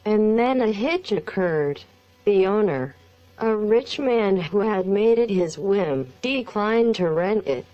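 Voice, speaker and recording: A synthetic woman's voice narrates a story at a slow, unhurried pace. Her pitch sits in the middle and stays flat and even throughout, in the manner of a machine reading. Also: lo-fi sound. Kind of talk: text-to-speech audiobook reading.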